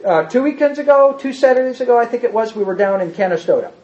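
A man's voice: very high voice, animated, quick pace. A man preaching a sermon, hammering points home through repetition and quizzing his congregation. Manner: emphatic, repetitive, rises to forceful outbursts; asks the congregation questions. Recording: dull, muffled sound.

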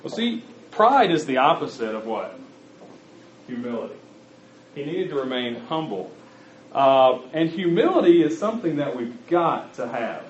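A man's voice: mid-range voice, sing-song, measured pace, slight background noise. A man preaching a sermon, talking conversationally and speaking directly to his congregation. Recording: roomy, slightly muffled recording.

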